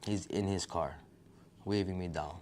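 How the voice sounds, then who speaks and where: A middle-aged man, his voice sitting on the low side. He recounts his story as a vivid present-tense retelling and acts out the dialogue. A faint noise sits under his voice. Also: unhurried, a little mellow. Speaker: wildfire survivor. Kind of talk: personal storytelling.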